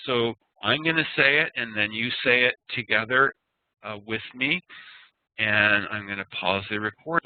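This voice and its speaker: A man teaching an online class, speaking slowly and patiently and demonstrating sounds aloud. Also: mid-range voice, no echo. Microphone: computer mic on a video call. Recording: dry, tinny web-call audio.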